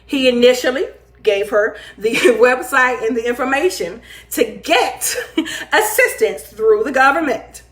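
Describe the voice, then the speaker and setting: A woman hosting a casual live talk show, reading viewer comments aloud, playful and animated, often laughing and teasing. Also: high voice, measured pace. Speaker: livestream talk show host. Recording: echoey room.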